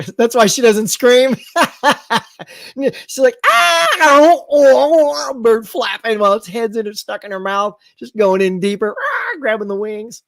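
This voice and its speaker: A man's voice: sits high, no room sound, studio quality. A man hosting a live movie chat show, reading viewer comments and rambling animatedly through his tangents.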